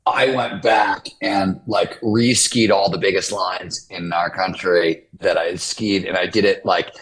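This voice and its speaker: Man in his fifties, low and rambling. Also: steady tone, a little slow, fairly bright tone, low-quality recording. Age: 50s. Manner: rambling, with many fillers and restarts. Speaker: author and guest. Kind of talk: casual interview chat.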